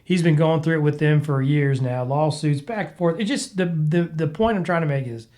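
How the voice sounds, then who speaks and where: On his solo podcast, a man from the Midwest casually rambles and complains, his voice clogged and breaking from a recent illness. He sounds a bit high and slightly mellow, speaking at a moderate pace.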